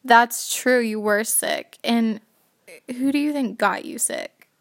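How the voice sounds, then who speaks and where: A young woman hosting a playful mock podcast in a mock-serious, deadpan way. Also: fairly high pitch, slow. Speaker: podcast host.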